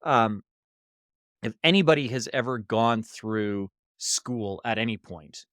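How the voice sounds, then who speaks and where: A man's voice: mid-range voice, slow pace, no room sound. Guy telling a long story on a podcast, plays all the voices, dry sound no room. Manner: animated storyteller, acts out quoted voices. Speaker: podcast guest, workshop leader. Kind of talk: casual interview storytelling. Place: hostel room.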